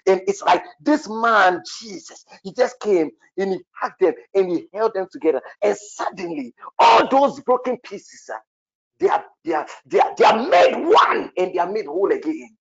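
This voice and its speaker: A man leading a prophetic prayer session, shouting in fervent bursts, repeating phrases and breaking into tongues, with a gravelly voice. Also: sits high, highs cut off.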